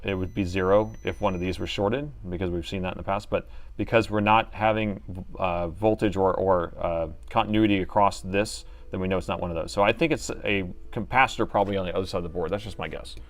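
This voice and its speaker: A middle-aged laptop repair technician hosts a live repair stream, talking fast in a low voice with fairly even intonation. He chats, thinks out loud as he works, and jokes around with viewers.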